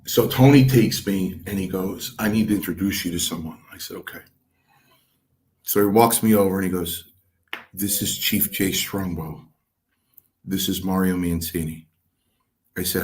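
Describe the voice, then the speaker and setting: Deep-voiced man telling wrestling tales. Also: normal speed, pauses often, slight background noise. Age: middle-aged. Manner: acts out quotes of others, lively. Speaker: retired pro wrestler telling stories. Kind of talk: anecdotal storytelling.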